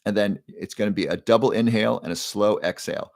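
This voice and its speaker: A man with a lowish, gravelly voice hosts a live online show, walking viewers through a breathing exercise. He talks in an upbeat, chatty way and keeps asking the audience to join in. The sound is dry and close. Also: fast talker, a little mellow, no room sound. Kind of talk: live stream talk leading a breathing exercise.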